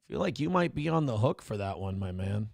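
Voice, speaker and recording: A man's voice: fairly low pitch, sing-song, brisk, creaky, darkish tone, no room sound, studio quality. A man hosting a live morning show, joking, swearing freely and reading viewer messages aloud. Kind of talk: casual live-stream talk.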